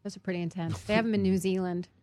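A woman's voice: on the low side, steady tone, racing, a little mellow, dry recording. Candid easygoing woman guest, dry sound. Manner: candid and easygoing, swears casually. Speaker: actress and producer guest. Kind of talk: casual chat.

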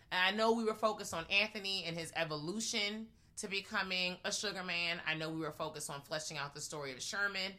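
Animated woman reviewing a movie. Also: medium pitch. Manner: animated, swings into loud acted-out reactions. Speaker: podcast co-host. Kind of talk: casual movie review chat.

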